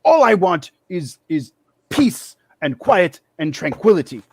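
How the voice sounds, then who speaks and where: A man's voice: high voice, sing-song, measured pace, slightly rough, no echo, voice pushed up, full character voice. A man voicing a pompous, cowardly male monkey demon priest who talks in a whiny, indignant, self-important way.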